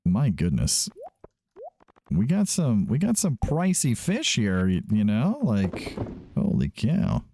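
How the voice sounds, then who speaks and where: A man's voice: medium pitch, huge pitch swings, slow, warm tone, a little hiss or hum. A man hosting a let's play, giving casual gameplay commentary, chatty and thinking aloud as he often corrects himself.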